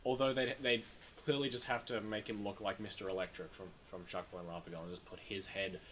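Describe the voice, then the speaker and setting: A man's voice: fairly low pitch, flat delivery, brisk, a bit bright, a little hiss or hum, low-quality recording. A man in casual chat, rambling and opinionated, often repeating words as he restarts.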